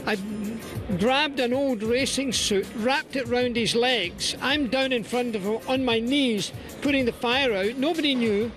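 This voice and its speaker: A man telling a story about a colleague in a brisk anecdotal way. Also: very high voice, music in the background, poor audio. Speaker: guest.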